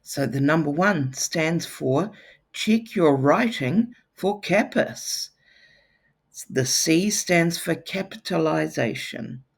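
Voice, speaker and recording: A new teacher addresses a class of children at an unhurried pace, her medium-pitched voice expressive and roughened by a gravelly rasp. She keeps things playful, slipping teasing jokes in between the points of the lesson.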